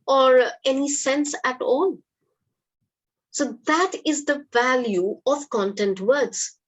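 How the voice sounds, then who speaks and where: A woman's voice: high-pitched, low-quality recording. A woman, teaching an online lesson in a patient, encouraging way. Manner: encouraging, patient classroom explaining. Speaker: English teacher. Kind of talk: live online English lesson.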